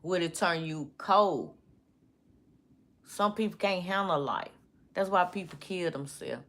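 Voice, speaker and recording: A woman vlogger, talking slowly in a rambling monologue, repeating phrases and often breaking into laughter. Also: fairly low pitch, a bit bright.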